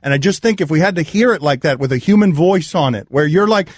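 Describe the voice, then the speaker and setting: A sports radio host speaking earnestly, often repeating himself while searching for words. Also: male voice, fairly high pitch, animated, fast, no echo, clean studio sound. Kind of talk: sports talk radio discussion.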